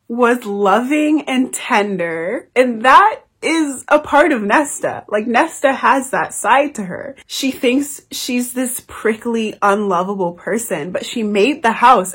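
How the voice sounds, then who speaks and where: Emotional young woman with a husky voice. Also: fairly high pitch, fairly bright tone. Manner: gushing, emotional, swears freely. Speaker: book reviewer. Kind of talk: casual book review chat.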